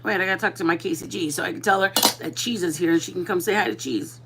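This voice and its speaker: A Texas vlogger cooks on a livestream and chats casually in a fairly low, fast voice, laughing often and slipping in Spanish words. There's heavy background noise.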